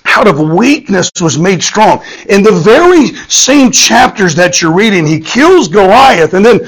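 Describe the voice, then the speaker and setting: A man's voice: high-pitched, sing-song, measured pace, poor audio. A man, preaching a sermon in a folksy storytelling manner, often repeating words and checking in with "okay?". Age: 50s.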